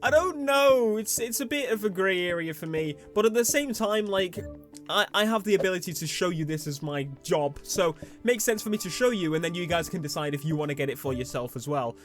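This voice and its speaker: A young man rambling through racing game commentary, excitable and swearing, shouting when things go wrong. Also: sits high, a little fast, faint music behind. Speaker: gaming YouTuber. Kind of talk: gameplay commentary.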